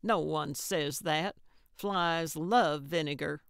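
A woman's voice: low voice, slow pace, creaky, clear, resonant tone, dry recording, clean studio sound, full character voice. A woman voicing a cantankerous, blunt old woman from New England who snaps and grumbles in a storybook reading. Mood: grumpy.

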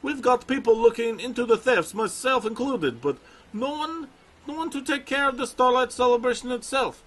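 A man's voice: extremely high pitch, moderate pace, fairly bright tone, breathy edge, voice pushed up, heavily acted. A man voicing a kindly, chatty male bear trainer with a put-on Russian accent and old-fashioned phrasing, reading game dialogue aloud. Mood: cheerful.

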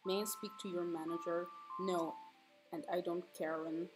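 A woman's voice: fairly low pitch, little pitch movement, moderate pace, over music, rough recording. A woman in her twenties chatting casually while drawing on stream, swearing freely and breaking into squealing laughs when flustered. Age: 20s. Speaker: streaming artist.

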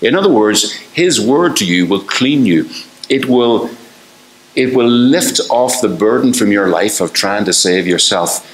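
Older preacher in an echoey hall. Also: male voice, on the low side, animated, measured pace. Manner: fervent, rhetorical questions, acts out quoted voices. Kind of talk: sermon.

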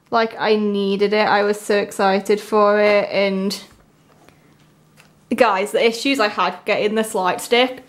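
A young Englishwoman unboxes a haul while chatting casually, her mid-range voice a little slow. She gushes throughout, repeatedly excited and saying "oh my god" a lot.

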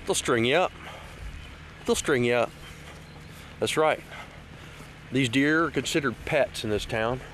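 A man's voice: fairly high pitch, slight background noise. A man on a one-take outdoor park tour, talking in a rambling, hesitant way with lots of fillers, at times heated and at times choked up. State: emotional, teary at times. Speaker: vlogger giving a park tour. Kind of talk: casual one-take outdoor vlog talk. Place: outdoors at a lakeside state park.

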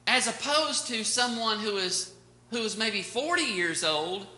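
Older pastor, bright and echoey. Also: male voice, high voice, expressive, measured pace. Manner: rambling storytelling with many fillers. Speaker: pastor teaching Sunday school. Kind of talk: anecdotal Bible lesson. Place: church classroom. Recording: echoey room.

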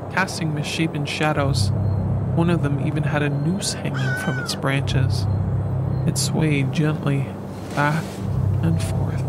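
A man narrating a scripted horror story in a measured, deliberate way. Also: fairly high pitch, heavy background noise. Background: loud music.

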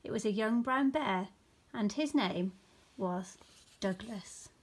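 A woman teacher reading a bedtime picture book aloud in a slow, expressive storytelling manner. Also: mid-range voice, husky.

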